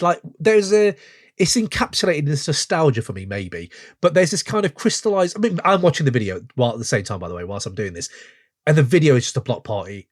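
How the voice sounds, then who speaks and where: A man's voice: medium pitch, no room sound, clean studio sound. A man hosting a podcast, chatting enthusiastically and meandering as he reviews a track. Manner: enthusiastic, meandering, quick to laugh. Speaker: podcast host. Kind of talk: casual track-review chat.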